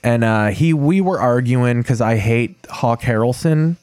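A man's voice: medium pitch, lively intonation, moderate pace, hardly any pauses, darkish tone, dry recording. Rambling, profane man chatting over TV. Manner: rambling, profane, wry asides. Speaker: streamer host. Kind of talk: casual live-stream chat over TV clips.

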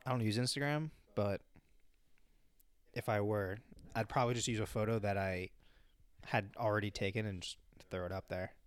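A man's voice: fairly low pitch, fairly even intonation, normal speed, pauses often, smooth. A young man co-hosting a podcast in casual chat, giving dry, teasing retorts. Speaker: podcast co-host.

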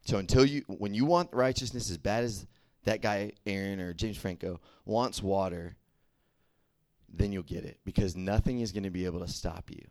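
A young man preaching a casual sermon as a youth pastor, chatty and animated, full of fillers and quick check-ins with the room. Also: low-pitched, no echo.

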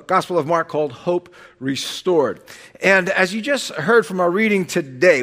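A man preaching a sermon as pastor, conversational and animated, with sudden loud bursts and quiet drops. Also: high-pitched.

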